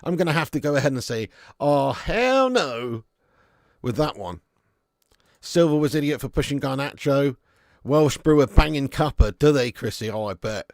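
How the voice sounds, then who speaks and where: Reading out live chat on his fan channel, this host trades blunt jokes with viewers, swears often, and addresses them as mate and lad. His voice is a little high and a little mellow, recorded dry in clean studio quality.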